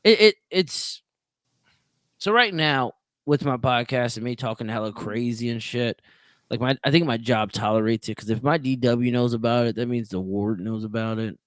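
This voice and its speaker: Casual, profane man, mid pitch, dry close mic; prison-sergeant storyteller, loud bursts then mutters. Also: moderate pace, dry recording. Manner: profane storytelling with swings in loudness. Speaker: prison sergeant and podcast guest. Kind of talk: casual podcast chat.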